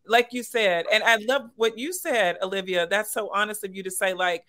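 A woman hosting a talk show, her voice bright and mid-pitched. She responds emphatically and with warmth, drawing on faith as she reflects. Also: moderate pace. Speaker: host. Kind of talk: podcast conversation.

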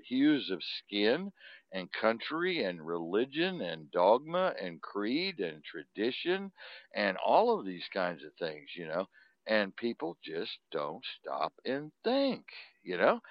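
Deep-voiced Texan man rambling. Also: no echo, dull audio. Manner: rambling, laughs often, constant "you know". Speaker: host of a live talk stream. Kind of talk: casual rambling monologue.

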